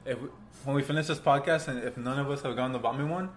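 A young man co-hosting a casual podcast chat, teasing and quick to laugh. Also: mid-range voice, a little hiss or hum. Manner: giggly, teasing. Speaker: podcast co-host. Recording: echoey room.

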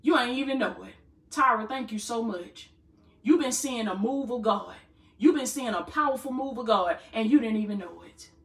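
A preacher and podcast host, the woman speaks at a moderate pace in a voice on the high side, her live-streamed sermon echoing through the room. She preaches fervently and rhythmically, circling back to repeated phrases and colloquially calling everyone "baby."

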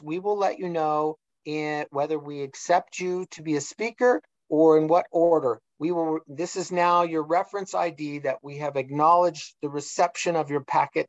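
A man's voice: a little high, no room sound. A middle-aged man in a casual discussion, telling a story and acting out the dialogue he quotes. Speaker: guest. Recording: dull lo-fi sound.

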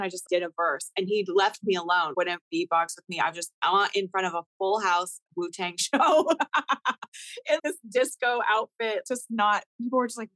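A woman in her thirties, a rapper guest telling a story in a casual interview, animated and swearing often as she acts out what people said. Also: mid-range voice, normal speed, dry recording, rough recording. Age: 30s.

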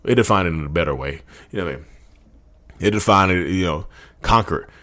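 A man's voice: sits low, a little fast, pushed and bright. A man, hosting his own channel and ranting with emphatic repetition, calling his listeners y'all. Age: 30s. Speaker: YouTube host. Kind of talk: impassioned rant to camera.

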